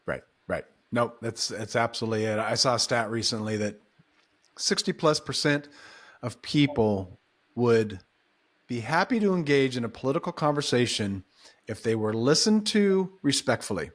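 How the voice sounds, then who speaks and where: A man's voice: medium pitch, animated, normal speed. A man hosting a casual chat, friendly, agreeing often and restarting his sentences. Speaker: host.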